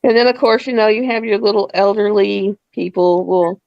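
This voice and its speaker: A woman's voice: medium pitch, moderate pace, vocal fry, no echo. Chatty woman telling stories, dry lo-fi sound. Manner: chatty, laughing, acts out quotes. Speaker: host. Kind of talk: casual storytelling chat.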